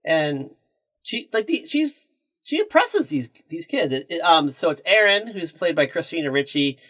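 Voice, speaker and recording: A man's voice: on the high side, normal speed. A man co-hosting a podcast, chatting casually as he recaps a TV episode and acts out the characters' lines. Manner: animated, acts out quoted lines in put-on voices. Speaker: podcast co-host.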